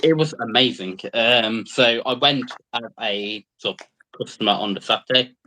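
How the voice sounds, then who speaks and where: A man's voice: medium pitch, moderate pace, bright, forceful tone, a little hiss or hum. A man on a hobby livestream as the guest, talking in an easygoing, hesitant way. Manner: easygoing, hesitant, says um a lot. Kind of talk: casual livestream chat.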